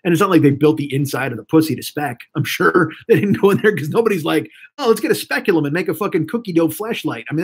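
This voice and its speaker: A man's voice: mid-range voice, breathy edge. A man in his forties rambling profanely to a live-stream audience, restarting sentences often. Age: 40s.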